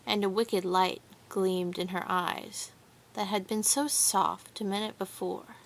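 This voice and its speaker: A woman narrating a classic novel as an audiobook, reading in a measured, deliberate way. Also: medium pitch, steady tone, fairly bright tone. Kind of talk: scripted narration.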